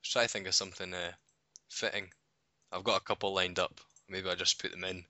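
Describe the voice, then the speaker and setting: A man's voice: deep voice, little pitch movement, brisk, sharp tone, dry recording, lo-fi sound. A Scottish man in his twenties, co-hosting a podcast in casual, self-mocking banter and laughing often. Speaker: podcast co-host.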